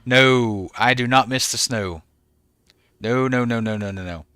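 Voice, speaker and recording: A man's voice: mid-range voice, unhurried, bright, forceful tone, smooth, no room sound. A man in his forties, a game streamer chatting casually with his viewers and answering them by name.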